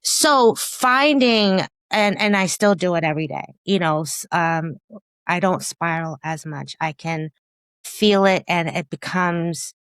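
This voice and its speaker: A woman in her fifties, a guest in a candid interview, telling her story in an animated way and acting out her own past thoughts with laughter. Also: sits low, unhurried, smooth, no echo, studio quality. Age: 50s. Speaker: podcast guest, business founder.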